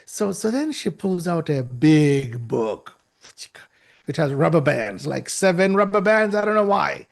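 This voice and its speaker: High, gravelly male storyteller. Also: a little slow. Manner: animated, acts out the people in the story; restarts and repeats himself for effect. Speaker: guest speaker. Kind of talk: storytelling talk.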